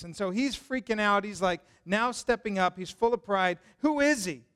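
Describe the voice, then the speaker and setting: A man preaching a sermon as a pastor, retelling a Bible story in an animated, conversational way and putting questions to the listeners. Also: high voice, normal speed, few pauses, clear, resonant tone.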